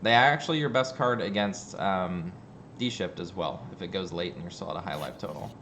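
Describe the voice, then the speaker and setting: A man doing casual live commentary on a card game stream, relaxed and practical as he runs the broadcast. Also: sits low, a little fast, a little hiss or hum. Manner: directs the broadcast setup, relaxed. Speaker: esports commentator.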